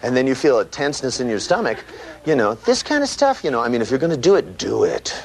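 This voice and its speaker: A man giving a live seminar lecture, animated and profane, acting out voices and sound effects as he teaches. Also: medium pitch, quick pace, creaky. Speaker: seminar trainer. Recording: noisy live seminar recording.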